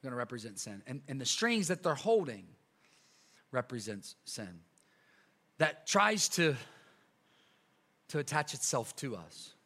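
A male pastor preaching a casual, energetic sermon to a church congregation, full of slang, repeats and asides. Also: medium pitch, a little slow, pauses often. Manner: lively, chatty preaching with slang and repetitions. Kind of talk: sermon with a live illustration.

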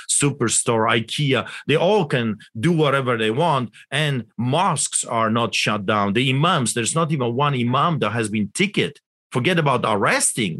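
A man's voice: medium pitch, fairly bright tone. A male pastor from Canada recounting events in an interview, fervent and indignant, firing off rhetorical questions. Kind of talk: impassioned interview account.

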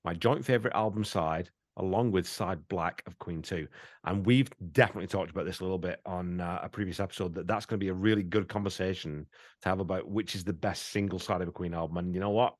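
Tipsy british bloke rambling n swearing on a podcast, lowish voice, dead dry mic. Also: male voice, fast, no echo. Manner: rambling, swears, reads listener comments aloud. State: drunk. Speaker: podcast co-host. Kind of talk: casual chat.

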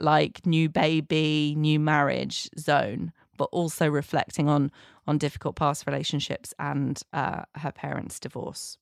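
Podcast host, woman, gravelly low-fi fry, dry close mic, casual rambling recap. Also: no echo. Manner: chatty, rambling, warm asides.

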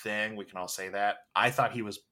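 A man's voice: fairly low pitch, fairly even intonation, brisk, pushed and bright. A man co-hosting a podcast, chatting casually about films with lots of fillers and restarts. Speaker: podcast co-host. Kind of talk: casual movie chat.

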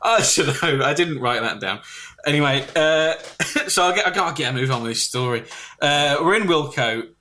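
A man telling a rambling comic story on a podcast, jumping into loud put-on voices for the people in it. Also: on the high side, moderate pace. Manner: animated, shouts and squeals when quoting others.

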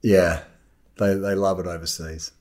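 A middle-aged Australian actor chatting as a guest in a casual interview, animated and repeating words as he starts sentences. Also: low-pitched, unhurried. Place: remote call from home.

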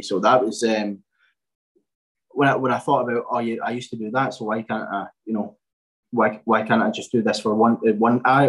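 A man's voice: lowish voice, low-quality recording. A man in his twenties talks casually as a podcast guest. He wanders through his story with plenty of fillers and false starts. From Scotland. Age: 20s. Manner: rambling, many fillers and restarts. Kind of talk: casual chat.

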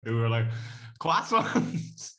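A man's voice: lowish voice, normal speed, fairly bright tone. A man co-hosting a podcast in casual, joking chat, laughing often. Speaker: podcast co-host. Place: Bondi home.

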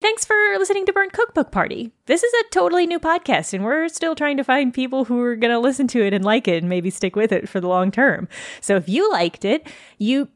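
A woman's voice: on the high side, expressive, a little fast, no echo. A woman hosting a podcast, closing the episode with friendly, informal thanks and credits. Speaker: podcast host. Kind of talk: closing outro.

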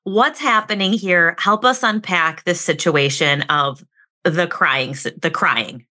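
A woman's voice: fairly low pitch, slow pace, pushed and bright. A woman therapist hosting a podcast interview, speaking in an effusive, conversational way.

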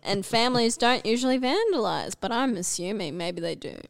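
Young woman in her twenties, lively high voice, giggly storyteller, dry sound. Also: fairly quick, vocal fry, no room sound. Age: 20s. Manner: giggly, tells stories with quoted voices. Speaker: podcast co-host. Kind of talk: casual chat.

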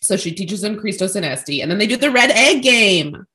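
A woman co-hosting a casual podcast chat, sarcastic and animated with quick asides. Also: medium pitch. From Greek-American family. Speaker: podcast co-host.

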